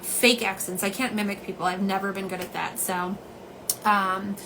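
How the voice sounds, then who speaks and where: A woman's voice: medium pitch, little pitch movement, normal speed, creaky, background noise. A woman chatting casually on a live stream from home, rambling and greeting viewers by name. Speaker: livestream host. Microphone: phone camera.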